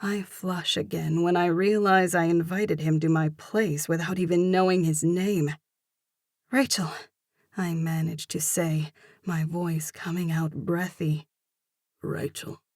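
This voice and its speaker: A woman reads a romance audiobook in a low, gravelly voice, telling the story steadily in first person. The sound is close and dry. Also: steady tone, a little slow, a little mellow, no room sound. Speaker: audiobook narrator. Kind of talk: scripted romance narration.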